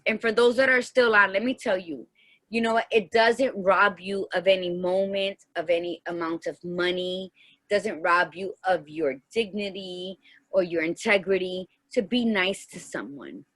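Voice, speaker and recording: A woman's voice: medium pitch, normal speed, fairly bright tone. A woman co-hosting a casual podcast chat, telling heartfelt personal stories and acting out the dialogue in them. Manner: heartfelt storytelling, acts out dialogue. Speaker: podcast co-host.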